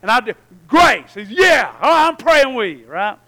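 A man preaching a sermon in a very high, bright voice. He tells his story in an animated way, drops to a near hush and then breaks into shouted prayers. The tone is sharp and forceful. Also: fast talker, rough recording. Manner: animated, swings from hushed to shouting.

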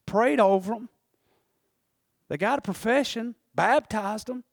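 A male pastor preaching a sermon, moving from quiet scripture reading to shouted, fervent passages. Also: measured pace, vocal fry, dry recording, clean studio sound. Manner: swings from low reading to shouting fervor.

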